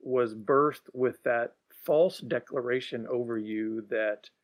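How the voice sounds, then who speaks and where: A man's voice: mid-range voice, slow. Thoughtful male interviewer, hesitant. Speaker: interviewer host. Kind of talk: interview questions.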